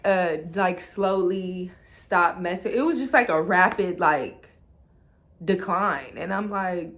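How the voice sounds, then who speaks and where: A woman telling a storytime in a casual, animated way, leaning on "like" and acting out what people said, while she is losing her voice. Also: mid-range voice. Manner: animated, heavy use of "like", acts out quotes.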